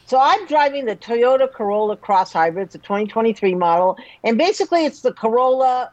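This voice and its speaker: A woman's voice: a little high, lively intonation, brisk, muffled recording, a little hiss or hum. Matter-of-fact female car journalist. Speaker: automotive journalist, co-host. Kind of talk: car review talk radio.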